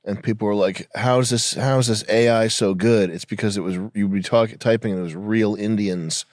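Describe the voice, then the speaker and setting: A man's voice: on the low side, steady tone, moderate pace, darkish tone, no echo, clean studio sound. A man in casual podcast chat, blunt and profane, at times reading news headlines aloud.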